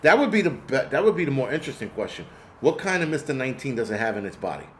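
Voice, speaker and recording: A man's voice: medium pitch, very animated, quick pace, a little hiss or hum. Profane rambling male livestream host. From United States. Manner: rambling, profane storytelling, answers chat comments. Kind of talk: casual livestream chat.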